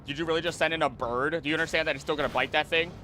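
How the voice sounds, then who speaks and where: A young man casually commenting on his gameplay while he streams, chatty and animated, with sudden loud outbursts. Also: a little high, racing, a little hiss or hum. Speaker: streamer playing a video game.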